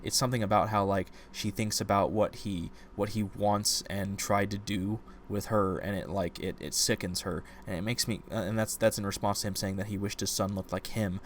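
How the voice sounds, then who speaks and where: A low-pitched man co-hosting a casual book podcast. He retells scenes with animated, ranting energy and faint noise behind him. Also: moderate pace, few pauses. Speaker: podcast co-host.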